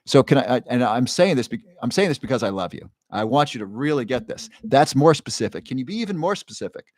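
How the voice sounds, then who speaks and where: A man hosting a live stream, reading viewer comments and coaching them with quick, earnest questions. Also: medium pitch, big pitch swings, a little mellow. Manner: encouraging, coaching with rapid questions; earnest, emotional at times. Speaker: livestream host.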